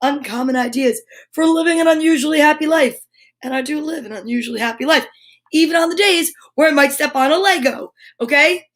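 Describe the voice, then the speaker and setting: A woman's voice: sits high, brisk, fairly bright tone. A middle-aged woman hosting a live kids' show, chatting with viewers in a bubbly, playful and silly way. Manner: chatty, addresses viewers directly. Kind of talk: live-stream chat with viewers' comments.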